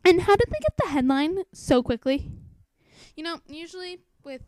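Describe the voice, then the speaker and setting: A woman's voice: extremely high pitch, lively intonation, moderate pace, darkish tone, low-quality recording. A young woman chatting about a book she is reading, asking nitpicking questions in a casual, quizzical way. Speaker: book commentator. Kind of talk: casual spoken book commentary.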